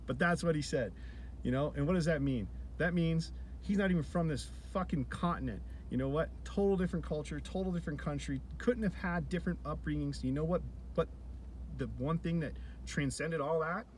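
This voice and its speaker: A man's voice: medium pitch, a little hiss or hum. A man in his forties talking in a casual, earnest monologue, blunt, sometimes swearing and repeating words. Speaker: vlog host.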